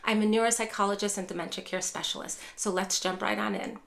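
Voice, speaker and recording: A woman's voice: mid-range voice, steady tone, fast, creaky, a bit bright. A woman neuropsychologist teaching dementia caregivers in a direct-to-camera lesson, repeatedly addressing viewers as care partners.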